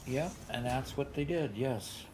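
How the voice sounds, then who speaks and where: A man's voice: medium pitch, unhurried, a little mellow, a little hiss or hum. A man playing a game on a stream, chatting casually and often asking follow-up questions. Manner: curious, asks follow-up questions. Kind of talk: casual gaming stream chat.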